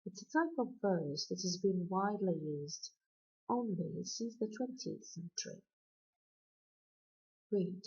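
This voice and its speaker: A woman's voice: fairly low pitch, animated, takes it slowly, long pauses, dark tone, slightly rough. A woman lecturer giving a methodical, step-by-step recorded video lecture. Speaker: literature lecturer. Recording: dull lo-fi recording.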